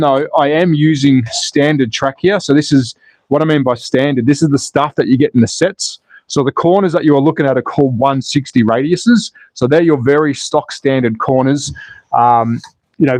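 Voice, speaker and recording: A man's voice: mid-range voice, darkish tone, dry recording. A man chatting casually on a live stream while building a slot car track and reading the chat. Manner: chatty, self-deprecating, reads chat aloud while building. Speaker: slot car channel host. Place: indoors at home, building a track.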